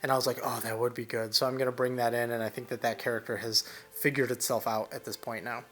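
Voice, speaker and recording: A man's voice: mid-range voice, level tone, quick pace, fairly bright tone, faint music behind. A young man casually narrating over his digital painting, rambling loosely with plenty of fillers and restarts.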